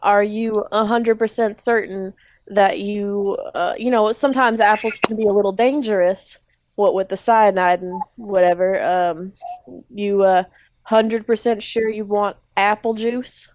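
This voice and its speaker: A woman's voice: medium pitch, steady tone, measured pace, a little mellow, dry recording, lightly acted. A woman voicing a young, easygoing male grocer with a put-on Southern accent, in a recorded tabletop game. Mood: suspicious.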